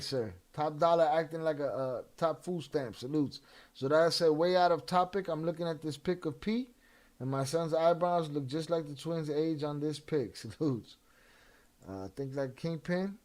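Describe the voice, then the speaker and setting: Guy hosting a stream, kinda high voice, reading chat shoutouts, swears a lot, gets heated fast. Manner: reads out chat shout-outs in slangy, profane talk; flares up into heated, cursing rants. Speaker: livestream host. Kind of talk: casual livestream chat.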